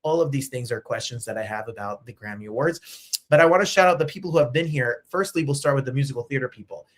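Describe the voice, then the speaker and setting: A man hosting a show in casual chat, excitable and chatty, jumping from topic to topic. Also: medium pitch, fast. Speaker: host. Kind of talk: casual live-stream chat.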